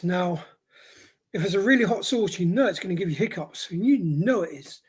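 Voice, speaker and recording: Male livestream host with a head cold, husky voice, exclaiming through a hot sauce test. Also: high voice, expressive, brisk. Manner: exclaiming, reacting aloud to spicy heat. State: has a head cold, runny nose.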